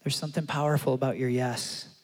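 A man preaching a sermon and telling a story, acting out the quotes with animated delivery. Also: medium pitch, fast. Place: large church hall. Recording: long hall reverb.

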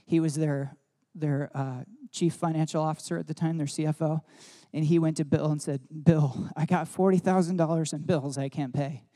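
A man's voice: on the high side, fairly even intonation, normal speed, few pauses, dark tone. Man telling stories in a casual sermon. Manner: casual, rambling, many "like" fillers. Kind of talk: sermon storytelling.

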